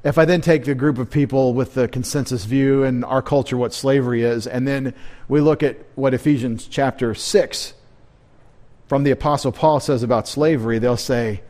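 A man's voice: mid-range voice, fairly even intonation, normal speed, a little mellow. A man preaching a midweek sermon as pastor, talking conversationally, asking the congregation questions and adding joking asides.

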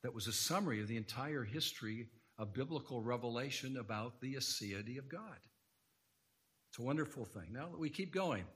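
A man's voice: mid-range voice, animated, a little fast, fairly bright tone. A man preaching an earnest sermon in a church, quoting scripture and rising to emphatic points. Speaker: guest preacher. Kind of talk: sermon lecture.

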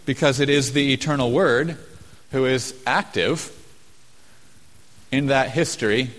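A man preaching a sermon, slowing down to stress key phrases and building emphasis. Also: medium pitch, a bit bright. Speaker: pastor. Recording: long hall reverb.

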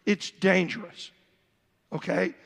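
Male pastor, raspy fry-heavy voice, preaching in a reverberant sanctuary. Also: high voice, fairly even intonation, takes it slowly, fairly bright tone. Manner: preaching with repeated asides and Bible reading. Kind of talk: sermon. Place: church sanctuary.

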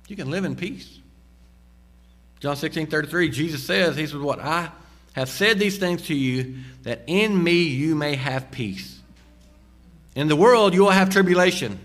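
A man preaching a sermon, slowing down and dropping low on key phrases and rising sharply when he exhorts. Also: a bit bright. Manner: emphatic, slows and drops low on key phrases; rises sharply in pitch and volume when exhorting. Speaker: pastor.

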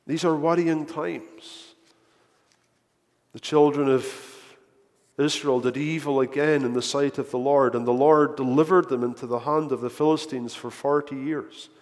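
A man preaching a sermon in earnest tones, often repeating words as he builds a point, recorded in a church. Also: fairly high pitch. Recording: echoey hall.

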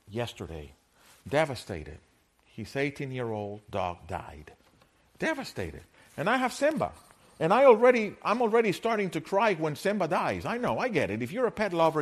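Animated preaching man, soft to loud. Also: mid-range voice. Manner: conversational preaching, laughs often, swings from soft to loud. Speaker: pastor. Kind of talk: sermon.

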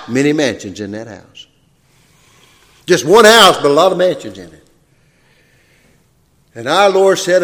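A man delivers a sermon in a church sanctuary, his voice sitting a little high. He tells homespun stories in a plain, folksy way and then swells into loud, fervent preaching. The room rings with a long reverb.

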